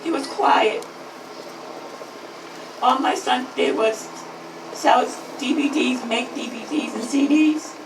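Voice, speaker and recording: High-voiced woman in her 50s giving a speech. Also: slow, long pauses, roomy sound, recorded from a distance, background noise. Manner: emphatic, repeats slogans, voice rising to shouts. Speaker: grieving mother speaking at a rally. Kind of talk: impassioned public speech.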